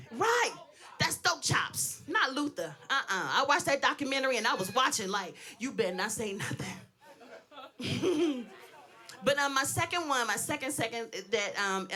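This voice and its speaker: Brash stand-up woman, out of breath, laughing through her lines, high and bright, AAVE. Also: very animated, moderate pace. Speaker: stand-up comedian. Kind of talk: stand-up comedy set. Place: stage in front of an audience.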